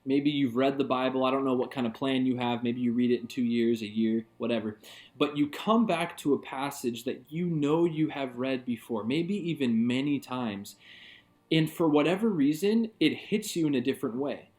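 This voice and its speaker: A man's voice: medium pitch, moderate pace, darkish tone. A man, a pastor, giving an earnest, reflective devotional talk in a conversational way.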